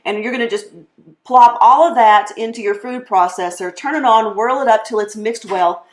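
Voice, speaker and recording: A woman's voice: a little high, moderate pace, echoey room, a little hiss or hum. A woman hosting a casual live cooking demonstration, chatty and laughing often, with plenty of fillers as she works. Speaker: cooking show host.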